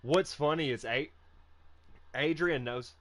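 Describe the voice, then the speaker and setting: A man and father chatting casually on a podcast, telling animated stories and laughing often. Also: on the high side, slow. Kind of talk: casual chat. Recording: noisy home recording.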